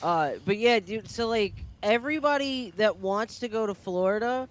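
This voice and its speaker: A man's voice: high-pitched, animated, moderate pace. A man from Virginia co-hosting a podcast, ranting with heavy swearing in casual chat. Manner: profane, ranting. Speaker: podcast co-host.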